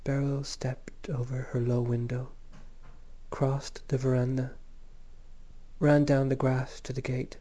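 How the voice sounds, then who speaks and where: A man narrating a story in a measured, gentle reading. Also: mid-range voice, completely flat delivery. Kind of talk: scripted audiobook narration.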